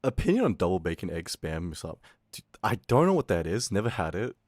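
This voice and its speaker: A male streamer chatting casually with his viewers, swinging from loud outbursts to low mutters and swearing freely. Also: sing-song, brisk, no room sound, clean studio sound. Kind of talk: casual livestream chat with viewers.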